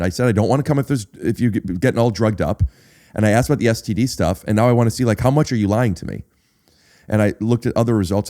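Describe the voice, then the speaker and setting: A man's voice: fairly low pitch, dark tone. A man hosting a podcast, telling a personal story in casual chat, often stopping to repeat words and say uh. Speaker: podcast host.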